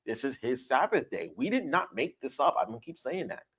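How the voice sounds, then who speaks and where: A man's voice: mid-range voice, very animated, a little fast, a bit bright, husky. A man leading a Bible study in a teaching style, stressing and repeating his points and often checking in with "all right?".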